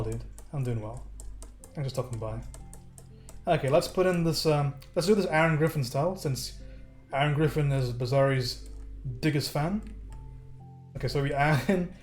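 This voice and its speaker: A man streaming a casual digital painting lesson, joking with his viewers as he works. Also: on the high side. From United States. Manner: casual, joking, talks to chat while painting. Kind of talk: live-stream painting tutorial, chatting with viewers.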